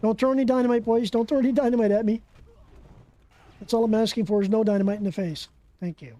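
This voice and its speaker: Live gameplay commentary, chatty and foul-mouthed, warm, dry room. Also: medium pitch, fast talker, long pauses, no room sound. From Canada. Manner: excitable, profane, chatty banter with viewers. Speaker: game streamer.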